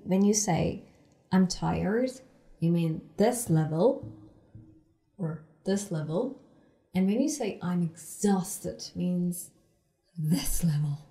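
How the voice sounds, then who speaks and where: A woman teaching English from sitcom clips, explaining phrases slowly and repeating them for learners. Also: fairly low pitch, expressive, warm tone. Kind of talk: explaining language lesson.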